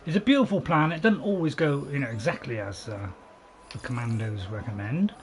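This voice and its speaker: Over slight background noise in a rough recording, a British man with a mid-range voice talks a little fast with lively intonation. He chats and jokes about himself while gaming, laughing frequently, with a dog barking nearby.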